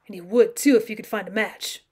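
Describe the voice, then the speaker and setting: A woman voicing a nervous, rattled outlaw kidnapper for a storybook reading, loud and pleading. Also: medium pitch, a little fast, breathy edge, pitched below the performer's own voice, natural voice. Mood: accusing. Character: nervous rough grown man, an outlaw kidnapper.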